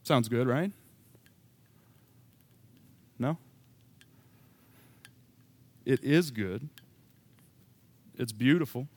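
A man's voice: mid-range voice, extremely slow, long pauses, breathy edge, no echo. A man preaching a sermon as pastor, candid and self-deprecating, with emphatic rising bursts.

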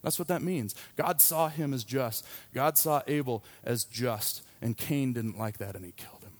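A man's voice: mid-range voice, normal speed. A man in his thirties, a pastor, preaching a sermon in a candid, conversational storytelling way. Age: 30s.

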